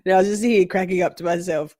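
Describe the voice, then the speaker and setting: Lower-voiced woman host, casual livestream chatter, irreverent and giggly. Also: dark tone. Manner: laughs often, chatty and irreverent. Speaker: livestream host commenting on a trial.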